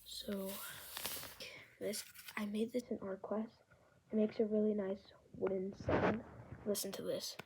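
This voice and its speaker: Woman, soft ASMR whisper, rambling, very slow, hiss behind. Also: mid-range voice, flat delivery. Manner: whispering, rambling and self-conscious. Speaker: video creator.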